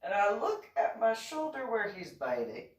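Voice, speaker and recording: A woman, a reverend, casually telling stories in a chatty, animated way and giggling often. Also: mid-range voice, normal speed. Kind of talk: casual storytelling. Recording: echoey room, distant from mic.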